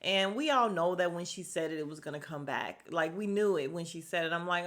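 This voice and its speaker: A woman's voice: lowish voice, animated, brisk, few pauses. Blunt, exasperated woman podcaster. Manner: chatty, blunt and exasperated, with sighs and laughs. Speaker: podcast host reviewing a reality show. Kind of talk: casual recap commentary.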